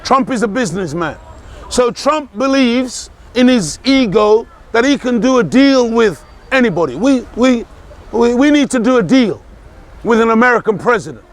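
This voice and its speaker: A man giving a forceful outdoor street speech, repeating phrases for emphasis and shouting at times. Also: very high-pitched, lively intonation, normal speed. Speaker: street speaker. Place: outdoors in a city park.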